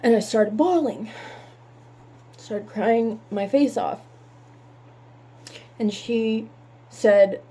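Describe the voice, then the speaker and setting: A woman telling a painful personal story in halting words, holding back tears. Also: medium pitch, mellow, breathy edge.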